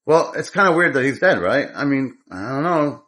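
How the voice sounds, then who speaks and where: A man's voice: medium pitch, sing-song, normal speed, fairly bright tone. A man giving an angry, profane political rant as a commentator, rambling with many restarts.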